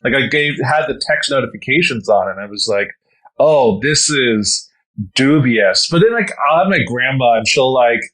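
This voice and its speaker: A man's voice: medium pitch, expressive, normal speed, a bit bright. A young man co-hosting a podcast, telling stories in casual chat full of "like" and fillers. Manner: filler-heavy storytelling, lots of "like". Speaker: podcast co-host.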